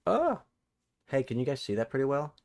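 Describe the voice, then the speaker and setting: Guy hosting a bible study stream, keeps restarting and fixing himself, reads verses out loud, pretty average voice. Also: medium pitch, wildly swooping pitch, vocal fry. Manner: halting and self-correcting, restarts numbers while looking up verses; reads scripture and viewer chat aloud.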